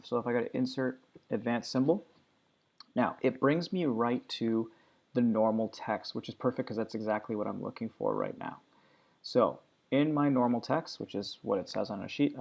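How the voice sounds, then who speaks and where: Gravelly-voiced man walking through a tutorial. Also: mid-range voice. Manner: relaxed step-by-step walkthrough talk. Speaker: teacher. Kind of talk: screen-recorded software tutorial.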